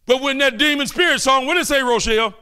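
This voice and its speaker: An older man preaching a fervent sermon, calling out and pleading with his listeners between quieter asides. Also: very high-pitched, quick pace, clear, resonant tone.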